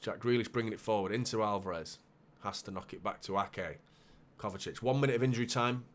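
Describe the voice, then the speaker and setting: A man hosting a live football watchalong, calling the play with bursts of excitement and muttered asides. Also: lowish voice, quick pace. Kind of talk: live match commentary for a fan watchalong.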